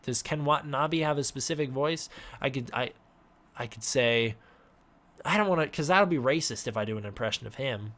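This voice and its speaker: A man hosting a casual live-stream Q&A, giving offhand, halting answers to chat questions. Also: medium pitch, bright, forceful tone. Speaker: host.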